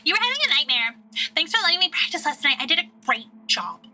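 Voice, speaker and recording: A woman's voice: sits high, very animated, fast talker, pushed and bright, faint music behind, voice pushed up, full character voice. A woman voicing a snobby, sinister young woman from a game, reading her lines in a put-on posh accent with eager, sweetly menacing delivery. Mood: chipper. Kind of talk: dramatic reading of game dialogue.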